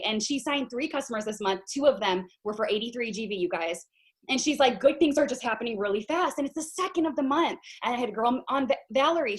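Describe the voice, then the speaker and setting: A woman leading a sales team on a video call, giving a lively pep talk and addressing the group as "you guys". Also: on the high side.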